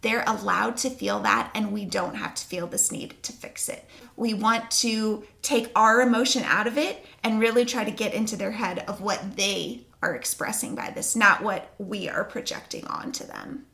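A woman sleep coach explaining her methods to parents in a calm, reassuring, step-by-step way. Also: mid-range voice, normal speed, vocal fry. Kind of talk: instructional talk to camera.

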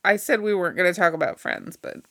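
A woman's voice: fairly low pitch, animated, quick pace, fairly bright tone. A woman co-hosting a podcast in casual chat, often chiming in with short agreements. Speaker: podcast co-host.

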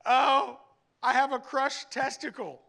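A woman's voice: high voice, fairly even intonation, slow pace, creaky, a bit bright, voice pushed up, exaggerated voice. A man squealing as a panicked little girl.

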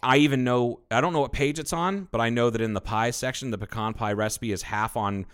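Swearing liberally and rambling, a man co-hosting a laid-back podcast gushes about baking. His mid-range voice is brisk and smooth.

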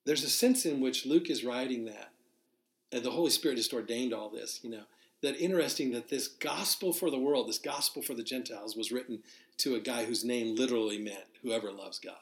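Guy preaching through a bible passage, chatty and unscripted, ordinary pitch, keeps restarting lines. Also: fairly quick, gravelly, roomy sound. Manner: conversational, restarts and fillers, spells out Greek words. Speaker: pastor. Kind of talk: verse-by-verse Bible teaching. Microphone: live broadcast to listeners.

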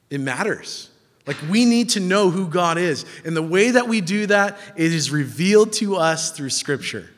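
A man's voice: high voice, fairly bright tone. A man preaching a sermon to a congregation, emphatic and repeating phrases for stress, with casual asides to the listeners. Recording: reverberant hall.

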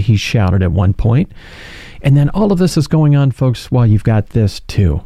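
Dark-voiced sarcastic male commentator. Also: mid-range voice, big pitch swings, moderate pace, gravelly, dry recording, studio quality. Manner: incredulous, sarcastic, addresses viewers as folks; reads news quotes aloud. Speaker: political commentary host. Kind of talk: casual political commentary.

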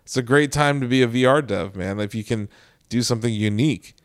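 A man's voice: medium pitch, brisk. A man co-hosting a casual chat, explaining his views in an earnest, talkative way. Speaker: podcast co-host.

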